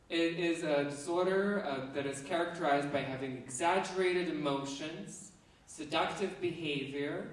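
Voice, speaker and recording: A woman from Russia, delivering a deadpan, absurd stand-up comedy set on a university theatre stage. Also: deep voice. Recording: echoey theatre, mic far off.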